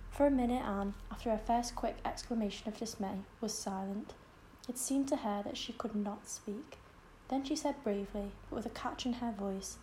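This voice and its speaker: Mellow woman narrating a classic novel. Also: mid-range voice, a little hiss or hum, rough recording. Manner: calm, measured storytelling. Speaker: audiobook narrator.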